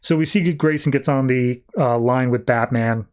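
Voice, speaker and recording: A man hosting a podcast, recapping a comic book casually and rambling with many "like"s while he acts out quotes in quick voices. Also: medium pitch, a little mellow. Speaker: podcast host.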